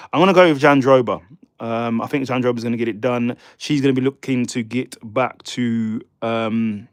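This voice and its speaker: A man's voice: mid-range voice, no room sound. Male streamer, loose chatty delivery, trips over names, dry mic. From United Kingdom. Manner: rambling, stumbles over fighter names, chats with viewers. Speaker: livestream host. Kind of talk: casual live-stream fight predictions.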